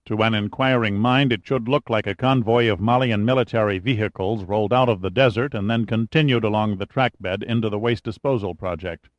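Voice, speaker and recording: A man's voice: fairly low pitch, brisk, hardly any pauses, no echo, muffled recording, natural voice. A man voicing a wry, confident adventurer with a dry, easy manner.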